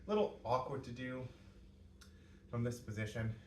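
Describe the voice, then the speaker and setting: A man's voice: medium pitch, expressive, normal speed, darkish tone, distant mic. A young man chats and cracks jokes while working out, his voice sitting back from the mic. The room is roomy and echoing, with a faint hum underneath. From Canada. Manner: joking, chatty, talking to himself mid-exercise. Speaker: fitness vlogger. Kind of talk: casual workout vlog. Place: home room at night.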